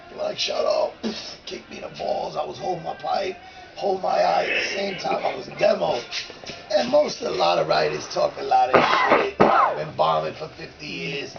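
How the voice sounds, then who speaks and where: A man in his fifties with a gravelly, fry-heavy voice that sits a little high. He tells a rough street tale in profane, animated casual talk. The audio is dull and lo-fi, with faint music behind him. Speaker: former graffiti writer. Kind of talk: casual storytelling.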